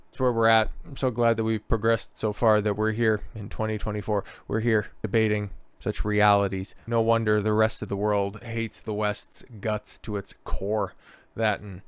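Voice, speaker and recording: A man's voice: fairly low pitch, smooth, no room sound. A man hosting a political commentary vlog, talking in a sarcastic, mocking way. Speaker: host.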